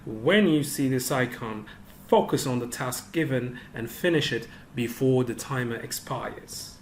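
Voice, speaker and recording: A man teaches a children's English lesson in a slow, deliberate voice. His pitch is mid-range, and he explains each step plainly. A faint hiss runs behind him. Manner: slow, clear instructional delivery.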